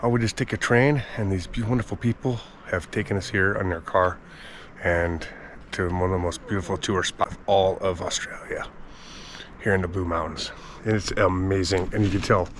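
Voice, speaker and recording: A low-voiced man vlogs outdoors at a scenic lookout, gushing and rambling about the view. Passing traffic sounds clearly behind him. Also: fairly even intonation, normal speed, fairly bright tone. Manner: effusive, rambling, exclaims in wonder. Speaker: travel vlogger. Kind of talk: casual on-location talk to camera.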